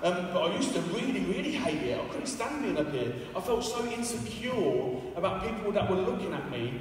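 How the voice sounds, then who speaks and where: A man's voice: high-pitched, very animated, a little fast, slight background noise. A man preaching a casual, joking, self-deprecating sermon in a church. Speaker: evangelist preacher. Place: church hall. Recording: echoey hall, far from the mic.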